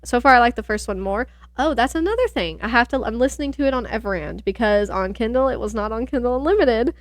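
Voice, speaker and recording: Woman, podcast co-host, casual chat, frequent laughter, fairly high pitch, dry sound. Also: lively intonation, quick pace, no room sound. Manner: chatty, laughs often, rambling.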